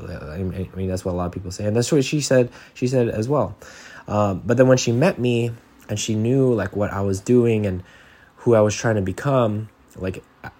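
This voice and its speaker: A man's voice: lowish voice, mellow. A man hosting a podcast, talking in a casual, earnest monologue with lots of restarts and filler words. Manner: earnest, rambling with frequent "like" and restarts. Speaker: podcast host.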